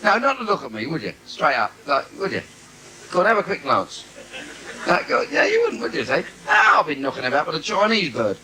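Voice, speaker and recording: A man's voice: a little high, big pitch swings, a little fast. A man with a London accent doing brash, cheeky stand-up on a theatre stage, teasing the crowd, recorded live in a noisy theatre. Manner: brash, cheeky patter with audience asides. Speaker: stand-up comedian. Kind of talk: live bawdy stand-up routine.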